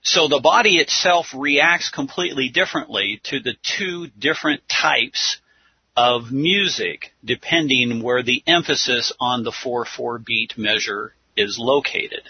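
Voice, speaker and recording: Slow husky guy explaining things step by step, dry muffled lo-fi sound. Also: mid-range voice. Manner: methodical, explains step by step, counts out beats. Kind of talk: religious teaching talk. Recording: dull lo-fi sound.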